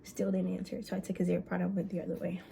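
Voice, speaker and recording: A young woman vlogger telling a story in casual chat, animated and swearing, with quick bursts and drawn-out words. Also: on the low side, vocal fry, slight background noise.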